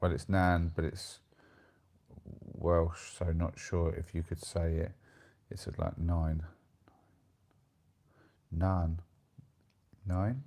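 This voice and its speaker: A man in his thirties with an English accent hosts a live stream, speaking slowly in a low, darkish voice with a completely flat delivery. He chats casually with viewers and reads their comments, rambling and self-deprecating.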